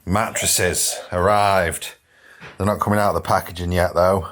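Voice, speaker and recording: A man's voice: low-pitched, fairly even intonation, normal speed, a bit bright. A man casually narrating a vlog with chatty, rambling updates on his home and van work. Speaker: vlogger. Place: van and house during a move.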